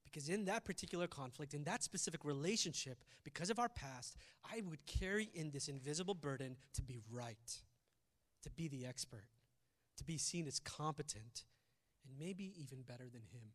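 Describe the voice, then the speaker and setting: A man's voice: fairly high pitch, expressive, moderate pace. Man preaching in a reverberant hall. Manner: conversational, swings from loud emphasis to quiet, reflective asides. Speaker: pastor. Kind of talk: sermon.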